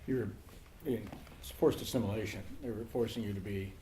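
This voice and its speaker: A man with a low, mellow voice adds a short explanation. He sounds distant from the microphone, with a faint hum of the room around him. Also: steady tone, a little fast. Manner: brief explanatory interjections.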